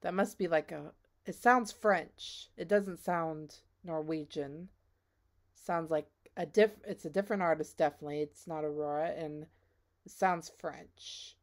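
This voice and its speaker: A woman hosting a reaction video who talks in an earnest, rambling way, full of "like"s and trailing pauses. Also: deep voice. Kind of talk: casual reaction commentary.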